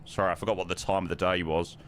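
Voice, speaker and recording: A British man chats casually over a flight simulator stream, reading viewer messages aloud and calling out runway and altimeter numbers. His deep voice barely shifts in pitch and comes out rapid-fire, with slight background noise.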